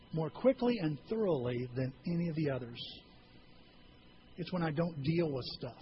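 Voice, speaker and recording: Man preaching to his church, talks to the crowd with questions, slightly high voice, hiss in the background. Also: lo-fi sound. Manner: earnest, conversational preaching with rhetorical questions. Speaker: pastor. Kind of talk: sermon.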